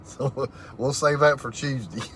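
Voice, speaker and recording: A man with a drawl hosts a relaxed live stream, reading viewers' comments out loud and laughing along. His talk is folksy and easygoing, at an ordinary middle pitch. A faint vehicle hum sits underneath. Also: a little slow. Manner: reads comments aloud, laughs often, folksy southern phrasing. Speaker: livestream host reading viewer chat. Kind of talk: casual live-stream chat.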